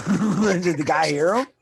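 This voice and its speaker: A man's voice: on the high side, slow pace, vocal fry, a little hiss or hum. A man in his thirties co-hosting a podcast, joking and swearing freely in a casual chat. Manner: profane, joking reactions. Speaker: podcast co-host.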